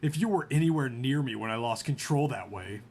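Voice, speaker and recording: A man reading aloud as a brooding young male vampire suitor, in a soft, low-key voice. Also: animated, fairly quick, slightly rough. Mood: restrained.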